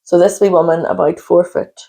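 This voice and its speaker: Gravelly woman telling stories. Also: lowish voice, a little fast. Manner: animated storytelling, acts out people she met. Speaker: podcast co-host. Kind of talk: casual chat.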